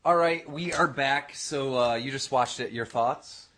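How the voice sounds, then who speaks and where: A man hosting a podcast, telling a story in casual, profane chat, acting out other people's voices loudly. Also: mid-range voice, unhurried, a crowd in the background. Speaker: podcast host.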